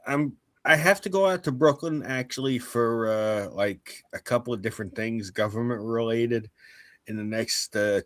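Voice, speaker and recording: A man's voice: medium pitch, fairly bright tone, no room sound. A man in his forties chatting casually and telling stories, a bit drunk, swearing freely. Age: 40s. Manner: swearing streetwise storyteller, tipsy from drinks. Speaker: guest on a live stream. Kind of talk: casual chat.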